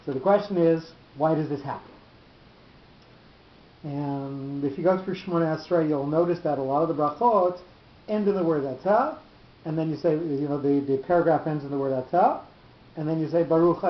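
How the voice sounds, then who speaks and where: A man gives a weekly study class, walking through each point patiently and pausing often on filler sounds. His voice sits in the middle range. The recording sounds roomy and muffled. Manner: explanatory, many filler sounds and restarts. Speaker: Torah teacher. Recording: roomy, dull, faint rumble.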